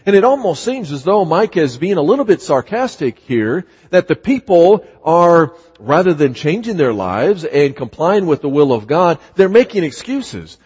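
A man's voice: fairly high pitch, very animated, normal speed, a little mellow, slightly rough. Emphatic male preacher in a reverberant hall. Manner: emphatic, repeats words, voices scripture quotes dramatically. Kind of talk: sermon. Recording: muffled sound with long hall reverb.

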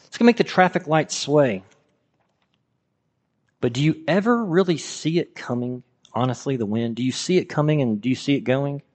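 A man's voice: medium pitch, animated, normal speed, a little mellow. A man preaching a sermon in a conversational way, asking his listeners rhetorical questions. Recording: reverberant hall.

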